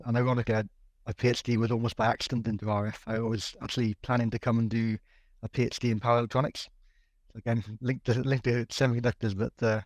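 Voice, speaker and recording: A man's voice: medium pitch, dry recording. A man in his forties with a Welsh accent, answering interview questions as a guest, often repeating words as he talks. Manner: hesitant, repeats words, laughs lightly. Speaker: guest, technology executive. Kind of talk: casual interview.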